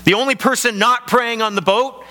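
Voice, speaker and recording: A man preaching a sermon as pastor of his church, telling the story in an animated way and acting out the voices. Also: very high voice, moderate pace. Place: large church hall. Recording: long hall reverb.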